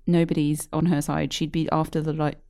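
A woman's voice: low-pitched, level tone, fairly quick, gravelly, darkish tone. A woman co-hosting a podcast, chatting casually and reading out listener emails. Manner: chatty, frequent "like" and "um" fillers. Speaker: podcast co-host.

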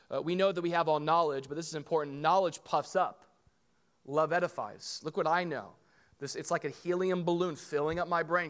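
A man in his thirties preaching a sermon as a pastor, talking conversationally and acting out quoted voices with big jumps in pitch. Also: clear, resonant tone.

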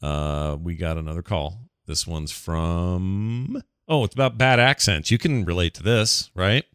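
A man's voice: deep voice, a little slow, fairly bright tone, clear, resonant tone, no echo. A man hosting a podcast, teasing his co-host in a dry, casual way.

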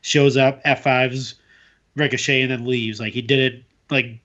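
A man's voice: mid-range voice, fairly even intonation, moderate pace, a bit bright. A man co-hosting a casual wrestling podcast, hesitant and often repeating words. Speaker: podcast co-host. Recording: slightly dull lo-fi sound.

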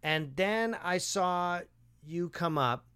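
A man hosting a podcast, chatting casually and enthusiastically, thinking out loud and affirming his guest. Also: high-pitched, animated, slow, smooth. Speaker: podcast host. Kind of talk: casual conversation.

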